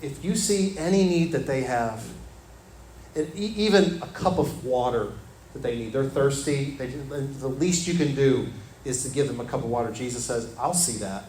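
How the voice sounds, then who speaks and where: A man preaching a sermon as pastor in a church. He talks earnestly and repeats his phrases, dropping to a soft, low voice when he quotes scripture. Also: normal speed, a little hiss or hum. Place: church sanctuary. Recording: echoey church room with faint ambience.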